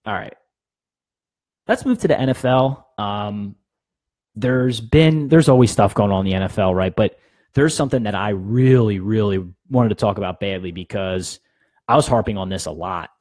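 A man's voice: on the low side, animated, normal speed, darkish tone, no room sound. A young man hosting a sports podcast, giving blunt, opinionated takes in casual talk and laughing at his own jokes.

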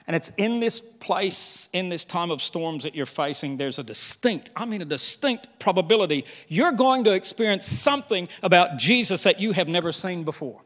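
A male pastor preaching a sermon in an animated way, often slipping into quoted voices. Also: high voice, moderate pace, hardly any pauses, in a large hall.

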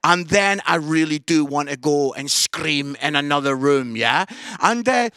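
Middle-aged Scottish man, comic preacher, high and lively, loud outbursts. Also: measured pace, smooth, no echo, clean studio sound. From Scotland. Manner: animated, breaks into loud exclaiming. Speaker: comedian and preacher. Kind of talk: comic sermon with storytelling. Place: at home.

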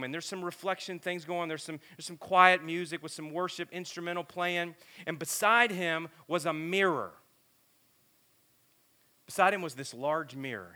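A man preaching, telling a story with animated voices. His voice is bright and forceful, pitched a little high, and drops to a hush before rising loud. It sounds like a sermon from the pulpit.

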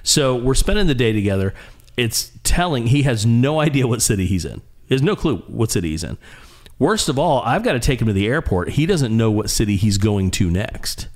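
A man telling a long casual anecdote in an animated way, often restarting and repeating words. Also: medium pitch, a little fast.

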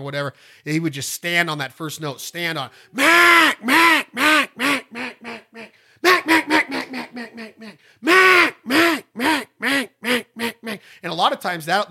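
Middle-aged man, casual teaching host, high bright voice, rambling and folksy. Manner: folksy and rambling, breaks into loud duck calls. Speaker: podcast host and duck calling instructor. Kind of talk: casual instructional talk.

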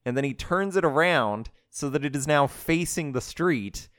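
A man's voice: on the high side, animated, normal speed, a bit bright, no room sound, clean studio sound. A man casually discussing a movie with a co-host, wry and sarcastic. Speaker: podcast co-host. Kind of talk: casual chat recapping a movie.

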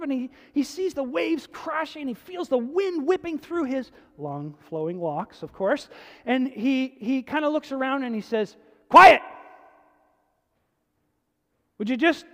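A pastor preaching a sermon in a conversational way, swinging between emphatic stretches and hushed, low passages. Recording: long hall reverb.

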